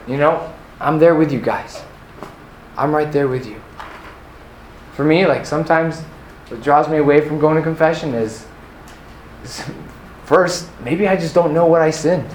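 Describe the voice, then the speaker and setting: A man's voice: a little high, unhurried, long pauses, a little hiss or hum. A young man giving an earnest, personal testimony as a retreat speaker, with many fillers. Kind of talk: faith talk to a youth audience. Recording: echoey room with faint ambience.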